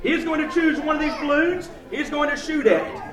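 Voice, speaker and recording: A man's voice: extremely high pitch, quick pace. A man performing as a children's entertainer at a live library show, playfully clowning and bantering with the kids. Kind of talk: live kids' show patter. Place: large indoor room at a library event. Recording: echoey hall, distant mic, loud crowd noise. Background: noisy crowd of children.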